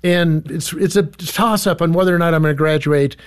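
Man, guest, higher pitch, self-deprecating, hesitant restarts, casual anecdote. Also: clear, resonant tone. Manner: self-deprecating, halting starts. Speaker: guest author.

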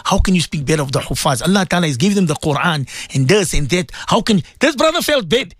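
A man's voice: high voice, big pitch swings, fast talker, a bit bright, no echo, clean studio sound. A man telling a story on a religious radio talk show, repeating himself and mixing in Arabic and Urdu phrases. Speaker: radio guest speaker.

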